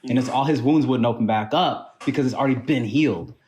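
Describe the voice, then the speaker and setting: Male podcast co-host, rapid talker, skeptical and analytical. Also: mid-range voice. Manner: quick, animated, picks apart story logic. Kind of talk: casual chat.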